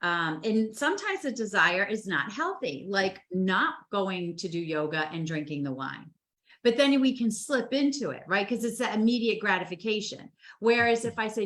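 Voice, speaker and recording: Bright-voiced woman telling a lively story. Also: medium pitch, normal speed. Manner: animated storytelling, acting out her own inner voice. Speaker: co-host. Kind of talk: casual chat. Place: home, over a live stream.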